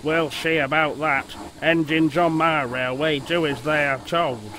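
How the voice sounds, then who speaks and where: A man's voice: fairly even intonation, measured pace, lightly acted. A man doing a stern, formal railway boss. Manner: severe, formal, low. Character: stern, proper male railway director. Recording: noisy background hiss.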